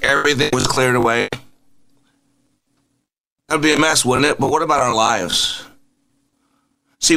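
A man hosts an inspirational Christian radio show, preaching through strings of rhetorical questions and emphatic repetition. His voice is a little high, pushed and bright.

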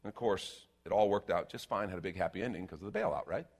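A man preaching a conversational sermon, animated and given to sarcastic asides and quick restarts. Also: sits low. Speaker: pastor.

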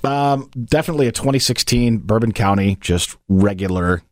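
A man's voice: fairly low pitch, normal speed, no room sound, studio quality. A man hosting a casual podcast, chatting and rambling animatedly with his co-host. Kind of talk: casual chat.

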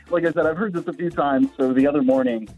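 A man's voice: on the high side, fast talker, a little mellow, highs cut off, soft background music. A man calling in to a radio show, telling an amused story about his roommate. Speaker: caller. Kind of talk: phone-in story.

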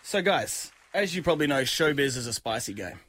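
A man with an Australian accent, a radio co-host telling a story in casual, animated banter. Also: medium pitch, fairly quick, background noise. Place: radio studio.

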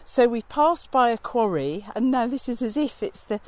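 A woman radio presenter chats enthusiastically during an outdoor walk for a radio feature, laughing often. Her voice is on the high side and expressive, with a darkish tone, at normal speed, recorded outdoors on a handheld recorder.

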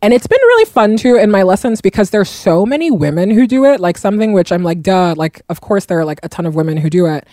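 A woman's voice: medium pitch, fast talker, few pauses, no room sound. Chatty woman, dry close sound. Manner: chatty, animated storytelling with playful voices. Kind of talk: casual chat.

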